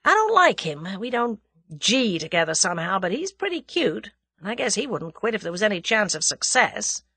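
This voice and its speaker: A woman's voice: mid-range voice, big pitch swings, moderate pace, a bit bright, husky, no room sound, heavily acted. Lady doing a chatty american guy, folksy slang, dry close sound. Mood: earnest. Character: brash young American man, friendly.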